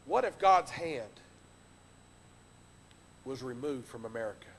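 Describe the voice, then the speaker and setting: A man preaching a sermon from the pulpit, impassioned, swinging between loud exhortation and hushed earnest tones. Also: medium pitch, animated, measured pace, slight background noise. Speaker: pastor. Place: church sanctuary. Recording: long reverb of a church hall.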